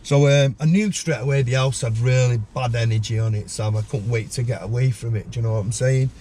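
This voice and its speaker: A man talks through a gritty tale as a podcast guest. His voice sits mellow and dark, and he flicks sharply upward when he plays out other people's words. A faint hiss runs underneath. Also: a little fast. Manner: animated storyteller, acts out voices with sudden high pitch. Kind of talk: storytelling in a podcast interview.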